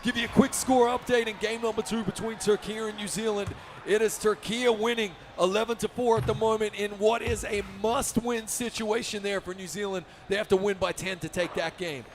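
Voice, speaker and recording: High-voiced energetic play-by-play man. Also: a little fast, a little hiss or hum. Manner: energetic, upbeat, frequent shouted calls. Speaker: esports commentator. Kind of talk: live basketball video game play-by-play.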